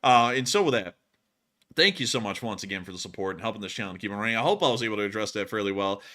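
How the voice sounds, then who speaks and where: A young man answers a viewer on a live stream. His voice is bright, and he rambles with fillers and restarts. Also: on the low side, lively intonation, very fast. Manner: rambling, repeats himself, many fillers. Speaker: co-host.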